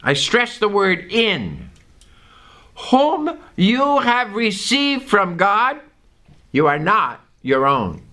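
A man preaching a sermon to a congregation, reading scripture aloud and stressing key words in an emphatic, drawn-out delivery. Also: high-pitched, huge pitch swings, pushed and bright.

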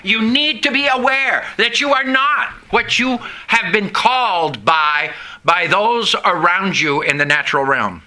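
Middle-aged male pastor, high bright voice, sermon delivery with call-and-response and sudden low drops. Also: animated. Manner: preaching with call-and-response, dramatic pauses and drops in pitch.

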